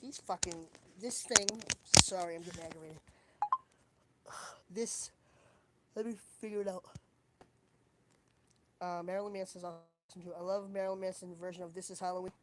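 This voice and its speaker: A woman's voice: lowish voice, steady tone, moderate pace, long pauses, noisy background. A woman chatting casually on a home live stream, rambling and wandering between thoughts while she searches around for things. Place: at home, indoors.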